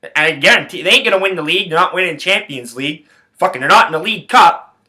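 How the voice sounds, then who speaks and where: A man's voice: sits high, lively intonation, quick pace, bright, forceful tone. A man hosting a sports podcast, ranting angrily with heavy swearing and repeating phrases for emphasis. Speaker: podcast host. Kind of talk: profane sports rant.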